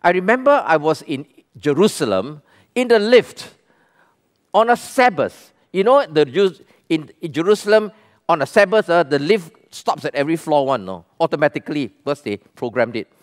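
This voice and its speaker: A man's voice: on the high side, animated, moderate pace. A man with a Malaysian English accent preaching a sermon as pastor to a church congregation, emphatic and full of questions to the people. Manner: emphatic, asks questions and calls the congregation to respond.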